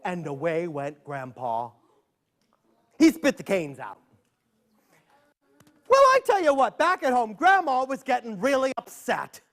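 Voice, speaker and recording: A male storyteller spins a folktale for kids at a library event. His pitch leaps up and down with every line. He breaks off for playful, chatty asides. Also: wildly swooping pitch, a little slow, pauses often, fairly bright tone. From United States. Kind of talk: animated storytelling for children.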